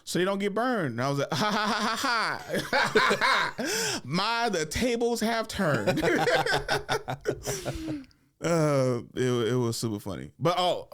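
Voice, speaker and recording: A man's voice: medium pitch, clear, resonant tone. A man, a stand-up comic hosting a show and telling loose, slangy, funny stories about growing up. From Bay Area, California. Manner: loose slangy storyteller, breaks into laughter. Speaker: stand-up comic, podcast host. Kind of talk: casual comedic storytelling.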